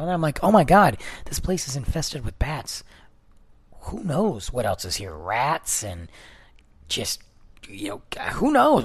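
A man in his thirties or forties from the Detroit area, telling a personal story in a casual, animated way, rising to excited bursts and dropping to a hushed voice. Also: medium pitch, husky.

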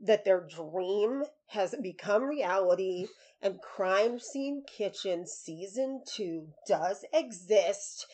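A young woman co-hosting a casual podcast, jokey and quick to break into laughter. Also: medium pitch, expressive, darkish tone, rough recording. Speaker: podcast co-host. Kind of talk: casual chat.

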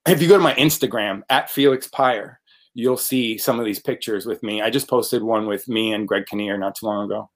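A man's voice: on the low side, brisk. Chatty man rambling about acting work. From United States. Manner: chatty, rambling, frequent fillers. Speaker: actor guest. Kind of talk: casual interview.

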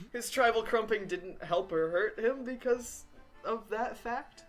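A woman's voice: on the high side, slow pace, faint music behind. A woman co-hosting a casual tabletop game podcast, playfully reading out listener questions. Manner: giggly, playful, reads questions aloud. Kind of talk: casual chat.

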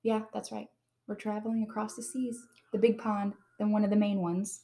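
A woman hosting a podcast in casual chat around a table, bubbly and excitable, laughing often. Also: medium pitch, moderate pace. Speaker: podcast host.

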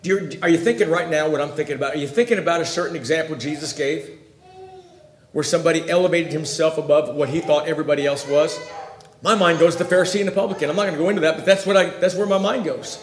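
Male preacher, sermon, high voice, emphatic, loud then hushed, echoey room. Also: fast talker, slight background noise. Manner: emphatic, rising and falling between loud and quiet.

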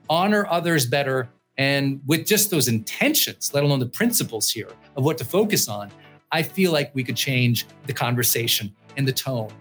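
Middle-aged male host, emphatic motivational speaker, slightly higher voice, faint music under. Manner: energetic, emphatic, lists numbered points. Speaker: podcast host. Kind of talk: motivational talk.

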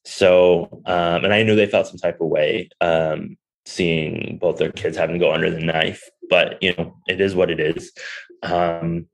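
A man's voice: low-pitched, flat delivery, a little slow, gravelly, poor audio. A young man, a podcast guest and restaurant owner, telling a personal story candidly with lots of fillers. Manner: candid, rambling, many fillers. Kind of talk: conversational storytelling.

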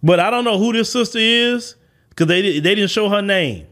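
A man's voice: high voice, lively intonation, normal speed, fairly bright tone. A man hosting a podcast, giving an emphatic opinion monologue and hammering home his points with blunt repetition. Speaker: podcast host.

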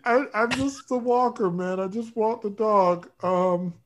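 A man's voice: sits high, measured pace. A man voicing a nervous dog walker with a shady past, sheepish and hesitant.

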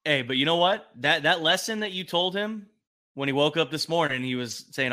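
Bright-voiced man bantering with upbeat energy. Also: a little high, expressive, normal speed. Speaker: podcast co-host. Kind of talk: casual sports talk.

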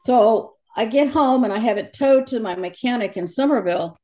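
A woman with a slightly high voice tells her stories in an animated, conversational way. She brings the people she quotes to life as she talks, like a guest sharing experiences in an interview. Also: moderate pace. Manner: animated storyteller, quotes others in lively voices. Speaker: guest, medium who crosses over the dead.

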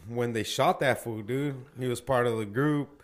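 A man's voice: mid-range voice, normal speed, a crowd in the background. A man hosting a podcast, chatting and telling profane stories full of slang. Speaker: podcast host. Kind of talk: casual chat.

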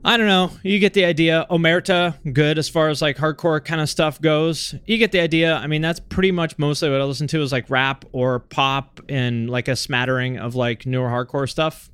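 A man hosting a podcast, answering listener questions in a relaxed, rambling way with lots of fillers. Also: on the high side, moderate pace, few pauses, clean tone, no echo. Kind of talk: casual chat.

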